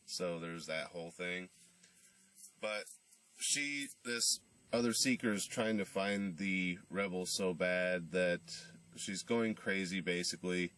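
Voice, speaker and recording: A man's voice: low voice, slow pace, fairly bright tone, smooth. A man casually recapping a movie's plot, loose and rambling, scoffing at how dumb it is. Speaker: movie reviewer. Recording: voice a bit far from the mic.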